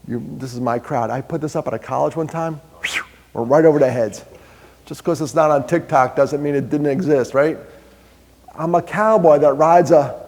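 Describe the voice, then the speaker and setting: A man from New York giving a live talk on mental health, telling stories, quizzing the audience and joking about himself. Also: fairly high pitch. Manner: animated storyteller, quizzes the crowd, jokes about himself. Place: large hall with an audience. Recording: long hall reverb.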